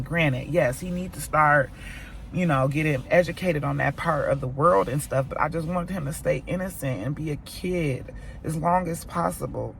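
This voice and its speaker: Animated American woman telling a story. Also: low-pitched, creaky, slight background noise. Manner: animated, emphatic, talks straight to viewers. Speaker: mom vlogger. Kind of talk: storytime vlog.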